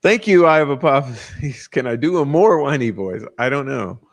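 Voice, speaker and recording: A man's voice: mid-range voice, animated, moderate pace. A man hosting a casual livestream, ranting combatively and profanely, with frequent restarts. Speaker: livestream host.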